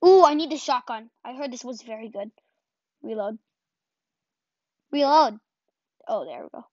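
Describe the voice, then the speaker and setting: A high-pitched woman talks through her game in casual, excitable bursts, laughing at her own mistakes and firing off repeated words. The sound is dull and lo-fi, with a close, dry feel and no room around it. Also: moderate pace, no echo. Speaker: gaming channel host. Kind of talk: casual gameplay commentary. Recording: dull lo-fi home recording.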